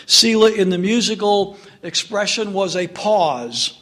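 A man preaching a sermon, retelling a story with drama, dropping to a hush for sad moments and rising to call out to his listeners. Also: high voice, a little fast, hardly any pauses. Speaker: pastor.

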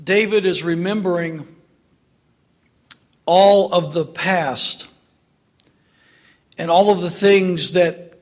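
A man delivers a sermon in a high voice at a slow, deliberate pace. He tells the story dramatically, sinking to hushed tones in sorrowful passages and rising to press his listeners for answers. His delivery is that of a pastor.

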